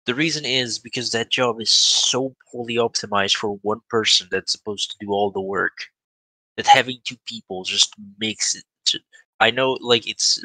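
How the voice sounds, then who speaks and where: A man's voice: fairly low pitch, pushed and bright, dry recording, rough recording. A young man chatting casually as a tabletop game player, rambling with restarts and swearing. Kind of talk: casual chat between players.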